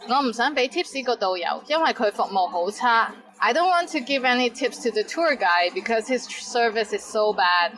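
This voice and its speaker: A woman's voice: fairly high pitch, a bit bright, rough recording. A woman teaching Cantonese words, saying each word twice and then giving example sentences. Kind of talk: language lesson.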